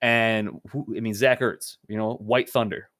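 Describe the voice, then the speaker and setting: A man's voice: lowish voice, fairly even intonation, a little slow, a bit bright, no room sound. Young dude on a podcast, cussing and hyping his roster, dry close sound. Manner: boastful, profane, rambling hype. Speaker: podcast co-host. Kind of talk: casual fantasy football banter.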